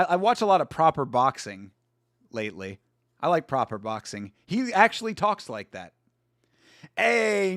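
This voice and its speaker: A young man hosts a live fight watch-along, swearing freely, reacting loudly and calling out viewers in the chat by name. His voice sits a little high. It is recorded dry on a close mic with no room sound. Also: no echo. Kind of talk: casual live-stream chat.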